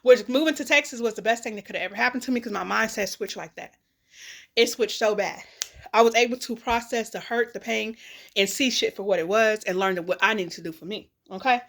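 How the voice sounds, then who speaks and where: A middle-aged woman vlogging in a casual, emotional monologue, blunt and animated, swearing freely and talking straight to her viewers. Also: fairly high pitch, brisk, creaky.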